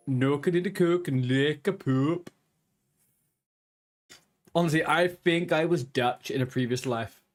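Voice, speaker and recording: A man chatting casually while streaming a game, reading chat and puzzling over pronunciations in a playful way. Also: mid-range voice.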